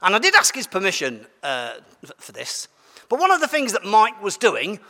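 Lively high-voiced man preaching playfully. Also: normal speed. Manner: playful, bantering with the congregation. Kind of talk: interactive sermon. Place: large church. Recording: long church hall reverb.

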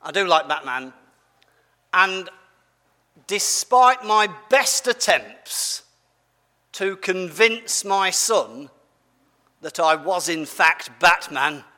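A man's voice: high voice, animated, extremely slow, long pauses, sharp tone, big-room sound. A man giving a playful, family-friendly sermon as a preacher, asking his audience questions as he goes.

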